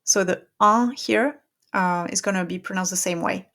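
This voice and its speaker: A woman's voice: mid-range voice, moderate pace, creaky, bright, forceful tone. A woman with a French accent, a French teacher giving a patient pronunciation lesson who checks in often with "okay?".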